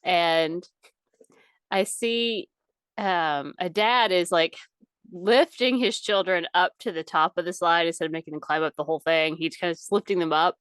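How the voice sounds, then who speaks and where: A woman's voice: fairly low pitch, normal speed, fairly bright tone, clean tone, no echo. A woman co-hosting a podcast, telling a funny story in casual chat with lots of laughter. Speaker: podcast co-host.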